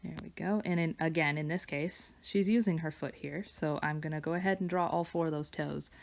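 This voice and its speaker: A woman artist chatting casually while she draws, wandering between stories and soft murmured asides about her work. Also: low voice, fairly quick, vocal fry, few pauses. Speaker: digital artist and vlogger. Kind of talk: casual chat while drawing. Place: home studio with her dog nearby.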